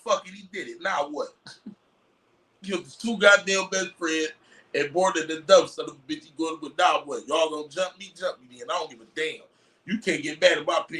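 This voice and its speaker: A man rants in a loud, mocking way, swearing freely and shouting at times. His voice sits high and sounds bright and sharp. He is some way back from the mic. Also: distant mic. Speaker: commentary streamer. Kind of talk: casual trial commentary rant.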